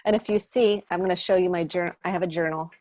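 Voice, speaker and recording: A woman psychotherapist speaking as a podcast guest, animated and emphatic, repeating her points, over a video call. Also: fairly low pitch, fast talker, no room sound. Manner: animated, acts out inner voices, emphatic repetition. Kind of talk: conversational podcast interview.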